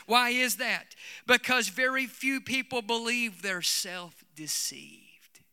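A man's voice: extremely high pitch, slow pace, pushed and bright, clear, resonant tone, long reverb tail. A man preaching a sermon to his congregation, emphatic, repeating key phrases and calling out to the listeners. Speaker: pastor. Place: church hall.

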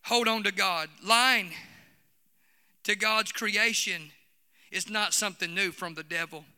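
A man preaching a fervent sermon as pastor, his voice swelling toward shouts. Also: sits high, fairly even intonation, unhurried, smooth. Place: church sanctuary. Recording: long reverb of a church hall.

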